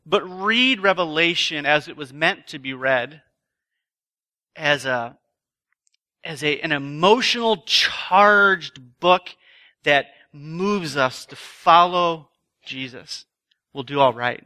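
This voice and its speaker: Bright-voiced man preaching at a retreat. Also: fairly high pitch, expressive, slow pace. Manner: self-deprecating, chatty storyteller. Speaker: retreat speaker. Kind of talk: sermon with a humorous personal story. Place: live talk before an audience.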